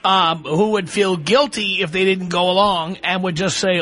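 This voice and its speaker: A man's voice: sits high, steady tone, moderate pace, fairly bright tone. A man hosting a talk radio call-in show, blunt and wry as he takes calls.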